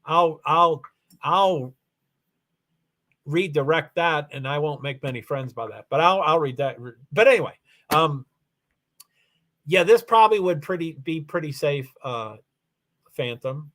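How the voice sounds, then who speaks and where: A man's voice: a little high, animated, unhurried, long pauses, a bit bright. A man from Kentucky with a faint Southern accent, hosting a casual livestream chat and talking in a rambling, hesitant way with lots of restarts. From Louisville, Kentucky, USA. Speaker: livestream host.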